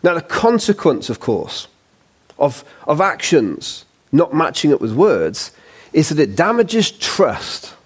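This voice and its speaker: A man preaching as a guest, with a voice on the higher side. He talks in a loose, conversational way, dotted with ums and questions thrown out to the congregation. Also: very animated, slow pace, breathy edge. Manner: chatty, informal, with frequent ums and rhetorical questions. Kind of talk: sermon.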